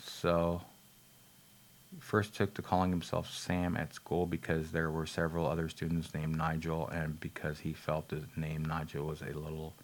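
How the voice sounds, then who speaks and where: A man's voice: rumbling low, a bit bright. A man casually talking about a film he watched, rambling with many fillers and restarts, laughing at himself and swearing now and then. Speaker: film reviewer. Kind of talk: rambling casual movie talk.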